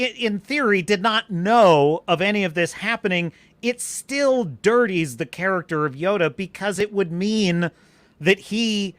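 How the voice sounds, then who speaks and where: A man hosting a live-stream podcast, delivering a scornful, animated rant with bursts of laughter and reading viewer comments aloud. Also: sits high, no room sound. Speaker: podcast host.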